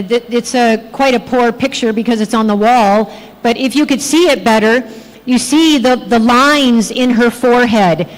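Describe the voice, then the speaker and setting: A woman giving a health presentation at a church, telling lively patient stories and pointing out details in photos. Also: a little high, in a large hall, rough recording. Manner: lively anecdotal storytelling, acting out patients' replies. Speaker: health speaker. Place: church hall.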